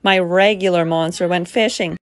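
A woman's voice: fairly low pitch, fairly even intonation, normal speed, dry recording, studio quality, lightly acted. Fussy bedtime boy, earnest, woman reader. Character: picky young boy at bedtime.

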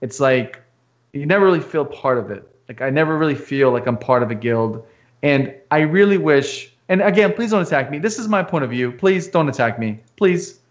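High-voiced man ranting about games. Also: moderate pace. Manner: heated, animated ranting. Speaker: podcast co-host. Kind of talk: casual gaming chat. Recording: muffled lo-fi audio.

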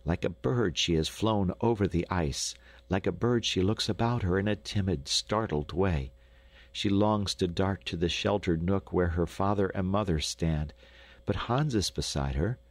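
A man narrating a classic children's story for an audiobook in a lively, expressive way. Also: low-pitched, no echo. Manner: lively, expressive, rising with excitement. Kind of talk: scripted narration. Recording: dry studio recording.

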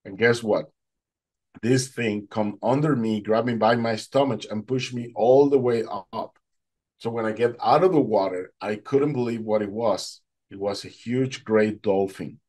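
A man giving a personal faith testimony, telling his story in an animated way and acting out what people said. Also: fairly low pitch, normal speed. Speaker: testimony speaker.

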